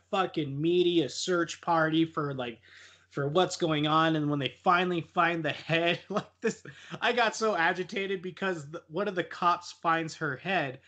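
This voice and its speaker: A man's voice: fairly high pitch, fairly bright tone. A young man on a casual podcast, retelling a horror film in a rambling, profane way and laughing often. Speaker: podcast co-host.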